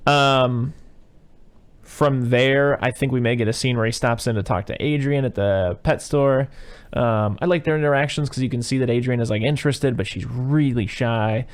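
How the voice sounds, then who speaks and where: A man's voice: mid-range voice, moderate pace. A man hosting a casual movie podcast, rambling through a recap with plenty of fillers. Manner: rambling, many fillers and "you know"s. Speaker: podcast host.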